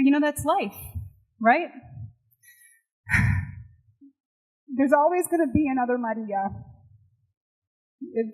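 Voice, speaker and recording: A woman from Puerto Rico speaks in a slightly high voice at an unhurried pace. She delivers a personal, heartfelt motivational speech to an audience and pushes toward rousing calls to action. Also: a little mellow, poor audio. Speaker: chef and TV host giving a speech.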